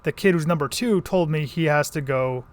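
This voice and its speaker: A man's voice: on the high side, moderate pace. A man from the Connecticut countryside telling a long story in a casual vlog, rambling with many restarts and fillers. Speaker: vlogger.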